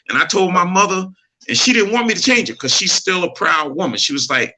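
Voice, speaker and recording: A man's voice: high voice, a little fast, sharp tone. A middle-aged man telling a personal story in casual chat, earnest and preachy, laughing easily. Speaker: podcast co-host.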